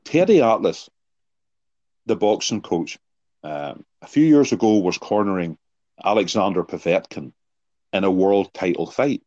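Low-voiced man explaining earnestly. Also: animated, unhurried, long pauses, a little mellow, no room sound. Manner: earnest, explanatory, poses rhetorical questions. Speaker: guest, sports psychology author. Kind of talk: podcast interview answers with anecdotes. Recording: dull lo-fi sound.

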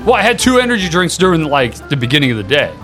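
A man's voice: on the high side, quick pace, soft background music. A young man co-hosting a podcast, telling crude stories in a rambling, swearing, casual way. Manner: rambling, swearing, animated storytelling. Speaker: podcast co-host. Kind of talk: crude casual chat among friends.

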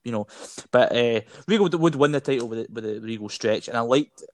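A man's voice: medium pitch, brisk, darkish tone, no echo. Guy co-hosting a podcast, rambles, says "you know" a lot, dry close mic. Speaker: podcast co-host. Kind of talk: casual wrestling podcast chat.

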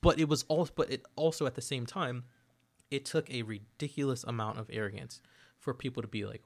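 A man talking in a casual podcast chat, emphatic and animated, who keeps checking in with "right?". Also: mid-range voice, a little fast. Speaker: podcast host.

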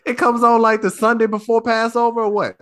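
A man co-hosting a podcast in casual chat, animated and profane, stammering and restarting as he talks. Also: extremely high pitch, fairly quick. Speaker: podcast co-host.

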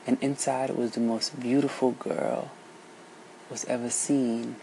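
A storyteller reading a folk tale aloud, unhurried and lilting, switching voices for each character. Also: mid-range voice, steady tone, gravelly, warm tone, slight background noise, poor audio.

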